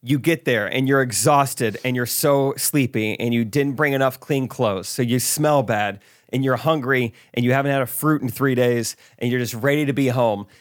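A man's voice: mid-range voice, moderate pace, no room sound, studio quality. Laughing man telling a story on a podcast. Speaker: podcast co-host. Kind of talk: casual chat.

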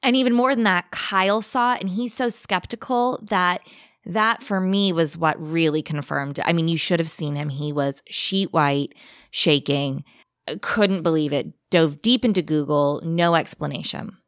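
A woman telling a personal paranormal story in a casual chat, animated, shifting her pace for effect. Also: fairly low pitch, dry recording, clean studio sound. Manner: animated, vivid, speeds up and slows down for effect. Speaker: guest telling a ghost story.

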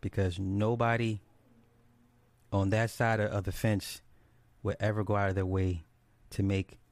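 Male commentator, lowish voice, dry close sound, emphatic and scornful rant with lots of repetition. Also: little pitch movement, measured pace, no echo. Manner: emphatic, repeats points for stress; blunt and scornful, swears freely. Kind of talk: ranting monologue commentary.

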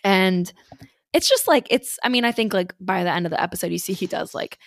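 A woman's voice: mid-range voice, lively intonation, brisk, dry recording, clean studio sound. A woman co-hosting a podcast, recapping a TV episode in casual chat, full of fillers and swearing. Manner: swears a lot, many fillers, laughs while recapping. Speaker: podcast co-host.

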